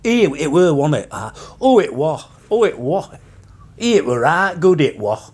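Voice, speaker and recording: A man's voice: fairly high pitch, sing-song, normal speed, darkish tone, breathy edge, voice pushed up. A man putting on an exaggerated West Yorkshire accent to play a gushing, repetitive local. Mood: mocking. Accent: West Yorkshire, mocked. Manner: exaggerated mocking drawl.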